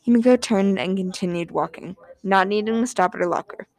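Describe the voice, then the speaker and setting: A woman reading a short story aloud in a soft, even voice, dropping into breathy whispers on some phrases and adding the odd filler. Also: medium pitch, a little fast. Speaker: narrator.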